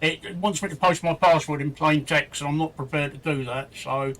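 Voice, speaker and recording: Guy on a stream getting flustered w tech stuff, bit high voice, mumbly. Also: fairly quick, a bit bright. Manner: flustered, mutters while fiddling with logins. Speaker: stream co-host. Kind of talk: casual live-stream chat.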